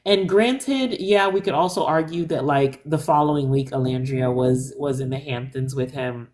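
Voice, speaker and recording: A woman of Haitian heritage speaking as a live-stream panelist, ranting in an animated, emphatic way. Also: moderate pace. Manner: animated, emphatic, rants with big pitch jumps. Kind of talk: casual chat.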